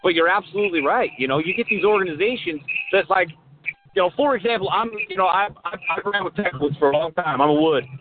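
Young man talking on a tinny line. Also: high-pitched. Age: young adult. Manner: halting and profane, many restarts. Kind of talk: casual call-in talk. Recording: tinny phone-like line with loud hiss.

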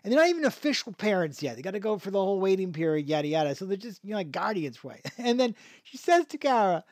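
He talks fast in a high-pitched, sing-song voice with a darkish tone, a podcast host rambling through a casual show review full of restarts and chuckles. The recording is dry and studio-clean.

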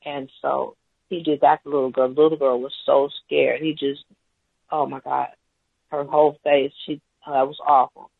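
A man's voice: medium pitch, flat delivery, moderate pace, gravelly, husky, no echo. A man calling in to a talk show, telling a story in a rambling, hesitant way. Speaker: caller. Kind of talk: call-in talk radio account. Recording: tinny phone line, dry.

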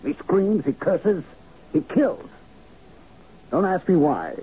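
An actor in a 1970s radio drama playing a curt, shrewd manager who explains a cover-up. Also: male voice, high-pitched, big pitch swings, slow, warm tone, slightly rough, full character voice. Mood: explaining. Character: shrewd, weary male manager covering up killings. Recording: dull old radio broadcast with faint hiss.

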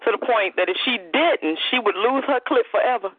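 A man's voice: extremely high pitch, expressive, a little fast, slightly rough, no echo. A man hosting a call-in radio show, laid-back and joking, who often talks over his callers. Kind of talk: casual call-in radio chat. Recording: tinny phone line.

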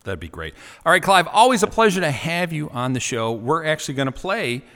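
A man hosting a radio show, chatting casually with a guest in an animated, rambling way with quick asides. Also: on the high side, big-room sound. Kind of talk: casual interview chat.

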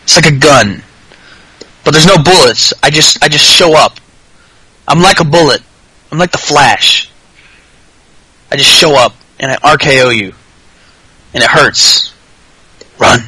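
A man putting on a cocky, boastful male pro wrestler in a slow, mock-menacing drawl. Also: on the high side, sharp tone, breathy edge, no echo, heavily acted, low-quality recording.

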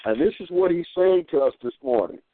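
A man's voice: on the high side, expressive, a little fast, dry recording. A man who ministers, telling folksy stories and preaching in a rambling way, repeating phrases and acting out voices. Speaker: minister calling in. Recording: tinny dry phone line.

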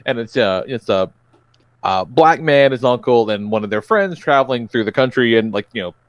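A man's voice: medium pitch, lively intonation, moderate pace, dry recording, dull audio. A man hosting a podcast, chatting casually in a rambling way and swearing freely. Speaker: podcast host. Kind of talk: casual chat.

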